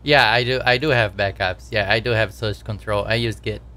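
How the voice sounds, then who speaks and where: A man's voice: on the low side, fairly even intonation, normal speed, bright, forceful tone. A man chatting casually while he codes on a live stream, talking to his viewers and laughing at his own troubles. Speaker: game developer streaming his work.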